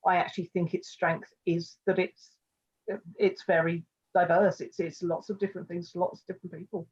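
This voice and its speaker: A woman with a fairly low voice, speaking frankly and with some hesitation as a guest on an online panel. Her audio sounds dull and muffled, as if from a lo-fi mic. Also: little pitch movement, moderate pace, darkish tone, slightly rough. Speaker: panel guest, crime author. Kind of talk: casual online panel chat.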